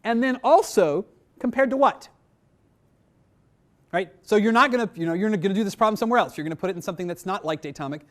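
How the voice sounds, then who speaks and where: Fast-talking, high-voiced male instructor. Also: fairly bright tone. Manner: conversational, frequent "right?" and "uh" fillers, addresses class directly. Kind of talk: technical training lecture.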